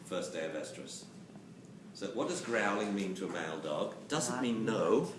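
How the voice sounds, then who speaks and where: Male lecturer, animated and jokey, pitch swinging widely, caught on a far-off mic in a roomy hall. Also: moderate pace. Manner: animated, jokey, acts out quotes. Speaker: dog training lecturer. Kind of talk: lively live lecture to an audience. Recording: roomy, distant camera mic with hiss.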